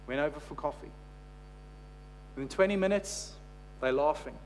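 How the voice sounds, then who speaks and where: A man's voice: fairly high pitch, normal speed, pauses often, darkish tone. A man preaching a sermon. He tells a story and then builds to emphatic, repeated phrases. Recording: long hall reverb with faint hum.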